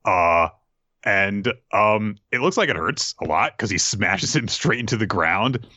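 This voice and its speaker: Man with a low, forceful voice recapping. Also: dry recording. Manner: animated, retelling fight scenes with quick asides. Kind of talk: casual episode recap. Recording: dull lo-fi sound.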